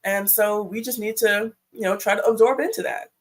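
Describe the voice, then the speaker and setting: A woman's voice: medium pitch, steady tone, moderate pace, rough recording. A married woman speaking as a guest in a casual group discussion, hesitant and full of fillers.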